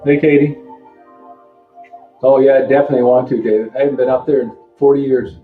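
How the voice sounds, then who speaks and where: A man's voice: mid-range voice, steady tone, brisk. An older man hosting a casual livestream, rambling and greeting viewers by name between remarks. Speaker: livestream host. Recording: tinny phone-like sound in an echoey room, faint music.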